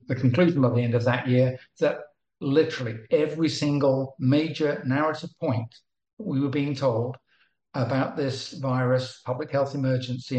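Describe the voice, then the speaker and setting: A man's voice: mid-range voice, a little mellow. Older man talking in an echoey room. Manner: rambling, with restarts and emphatic asides. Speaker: co-host. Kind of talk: conversational monologue. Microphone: remote call.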